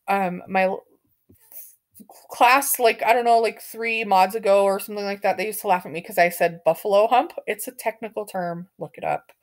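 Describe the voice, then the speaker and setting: A woman teaching a medical terminology class, talking casually with many fillers and putting questions to her students. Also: lowish voice. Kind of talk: classroom lecture.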